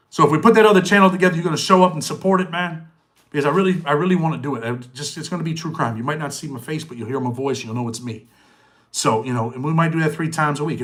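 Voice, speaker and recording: Man host, middle-aged, slightly higher voice, relaxed street talk with his live viewers. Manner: loose street slang, reads out chat comments. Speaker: channel host. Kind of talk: casual livestream chat with viewers.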